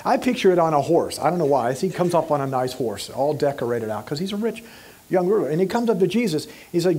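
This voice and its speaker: A man's voice: fairly high pitch, expressive, fast, a little mellow, husky. A male pastor preaching an emphatic sermon who acts out scenes and questions the audience.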